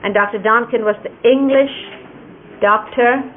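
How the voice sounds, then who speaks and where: A woman's voice: a little high, fairly even intonation. Older woman on a tinny archive tape. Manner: gentle, unhurried, demonstrating gestures as she explains. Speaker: speaker recalling a spiritual teacher. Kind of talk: reminiscing explanation. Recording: lo-fi phone-like archive recording with faint hiss.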